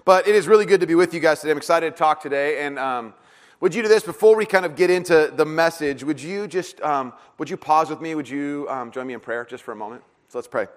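Male pastor, casual joking sermon delivery with lots of ums and restarts, slightly high voice, long reverb. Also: quick pace. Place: church hall.

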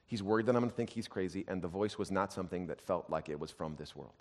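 A man preaching a sermon as a pastor, telling stories that swing between loud emphasis and hushed, quiet asides. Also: sits low, quick pace. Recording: long hall reverb.

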